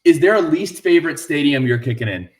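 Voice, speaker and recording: A man's voice: fairly high pitch, animated, brisk. A man hosting a casual sports podcast, asking a guest questions in a chummy way and backing him with short "mm-hmm"s. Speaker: podcast host. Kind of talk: casual interview chat.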